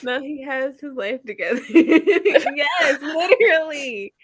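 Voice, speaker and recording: A woman's voice: sits high, animated, slow pace. A woman hosting a casual reading-sprint stream from home, chatting in a rambling way and laughing often. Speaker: livestream host.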